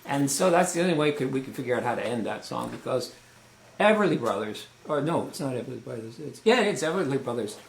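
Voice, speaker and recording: A man's voice: medium pitch, lively intonation, quick pace, creaky, echoey room. A man co-hosting a casual live music stream, bantering in a bemused, rambling way. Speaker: co-host and musician.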